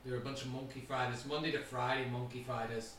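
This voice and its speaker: A man's voice: mid-range voice, level tone, quick pace, a bit bright, recorded from a distance, a little hiss or hum, close to an everyday voice. A man voicing a chatty, offbeat alien who rambles off on jokey tangents. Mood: rambling. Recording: very echoey room, voice off-mic.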